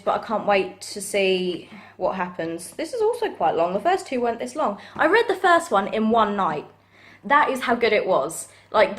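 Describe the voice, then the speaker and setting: A young woman gushing excitedly as she chats through a book unboxing. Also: medium pitch. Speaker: book vlogger. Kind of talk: casual unboxing chat.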